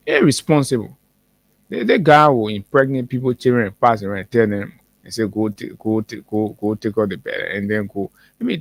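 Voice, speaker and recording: A man's voice: medium pitch, no room sound. A man with a Liberian English accent hosting a morning show, delivering heated political commentary with many fillers and restarts.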